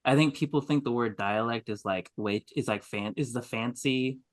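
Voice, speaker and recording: A man's voice: mid-range voice, moderate pace, no echo. Dry-humored man on a podcast. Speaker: podcast co-host. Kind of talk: casual podcast chat.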